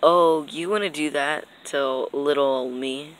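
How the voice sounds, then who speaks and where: A woman voicing a cruel, mocking nightmare villain in a fan animation, speaking in a hushed, taunting half-whisper. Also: deep voice, unhurried, slight background noise, low-quality recording. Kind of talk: amateur voice acting for a fan animation.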